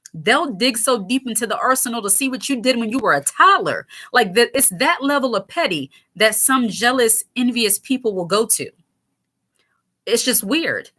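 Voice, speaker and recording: Bright-voiced woman in her thirties chatting. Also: on the high side. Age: 30s. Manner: chatty, laughs often, candid. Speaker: channel host reading viewer comments. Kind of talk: casual livestream chat.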